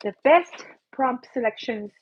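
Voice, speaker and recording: A woman's voice: high-pitched, lively intonation, a little slow, muffled recording, a little hiss or hum. A woman hosting a casual livestream, chatty and self-mocking as she talks through an itchy, coughing throat. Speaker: livestream host and app creator.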